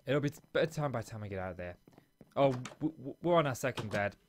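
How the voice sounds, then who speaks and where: A man's voice: medium pitch, expressive, quick pace, slight background noise. A man in a small home office, chatting casually and rambling with self-mocking asides while he plays and comments on a game. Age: adult, father of a school-age daughter. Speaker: let's play host.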